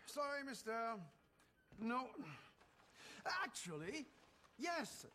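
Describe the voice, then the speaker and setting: A man's voice: very high voice, very animated, takes it slowly, pushed and bright, a little hiss or hum, full character voice. An actor playing a polite male shopkeeper in a video game. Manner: polite, lilting. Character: helpful male French shopkeeper.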